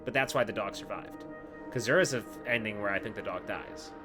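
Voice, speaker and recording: A young man telling stories while playing a game, animated and swearing freely, with loud exclamations. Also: lowish voice, a little fast, music in the background. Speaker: gaming video host.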